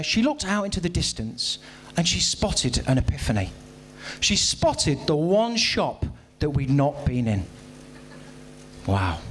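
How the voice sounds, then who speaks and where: A man in his thirties works through a stand-up set on a live stage. He is chatty and self-mocking, with a slightly high voice that leaps around animatedly, and he talks straight to the crowd over a faint hum of venue noise. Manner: self-mocking, chatty, addresses audience directly. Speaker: stand-up comedian. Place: live stage at a charity comedy event.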